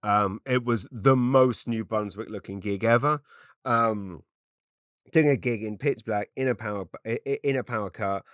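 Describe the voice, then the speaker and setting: A middle-aged English man hosting a podcast, telling rambling comic stories with quick asides and restarts. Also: on the low side, a bit bright, dry recording, clean studio sound. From England. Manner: chatty, self-interrupting, quick asides. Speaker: podcast host. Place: makeshift home studio padded with cushions.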